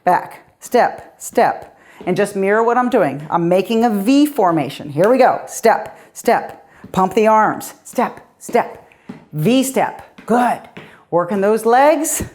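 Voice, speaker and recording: A woman's voice: medium pitch, lively intonation, slow pace, a little mellow. A middle-aged woman fitness coach leading a guided workout, upbeat and encouraging, a little out of breath as she calls out the moves. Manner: upbeat, encouraging, counting down reps. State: slightly out of breath.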